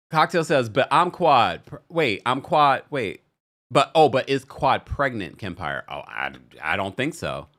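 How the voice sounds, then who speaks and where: A man hosting a casual livestream recap, talking in an animated, opinionated and chatty way while reading comments from the chat. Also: mid-range voice. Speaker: recap show host.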